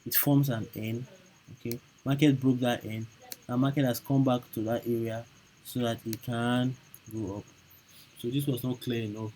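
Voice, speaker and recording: A man's voice: medium pitch, mellow, a little hiss or hum, low-quality recording. A man teaching chart trading over a screen recording, repeating each point and checking in with "okay?" and "right?". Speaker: trading instructor.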